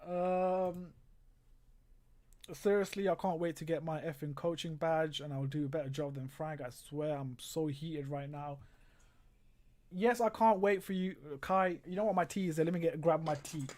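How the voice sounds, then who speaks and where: An exasperated livestream host talking through a football match in casual live commentary. The delivery is sarcastic and frustrated, often breaking into laughter, with frequent pauses to read out viewer comments. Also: medium pitch, darkish tone. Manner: reads viewer comments aloud.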